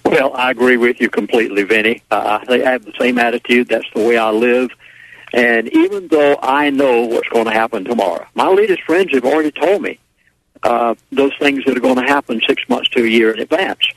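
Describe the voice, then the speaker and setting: A man's voice: mid-range voice, big pitch swings, brisk, fairly bright tone, rough recording. A man guest on a radio talk show, telling a rambling, folksy story in a casual way and acting out what others said. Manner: folksy, rambling, acts out quoted voices.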